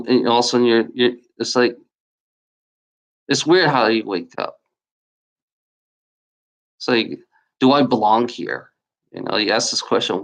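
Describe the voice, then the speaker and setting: A man venting angrily in a rambling, profane video rant, repeating himself often and saying he has been lied to. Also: medium pitch. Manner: angry, feels lied to. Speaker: YouTuber.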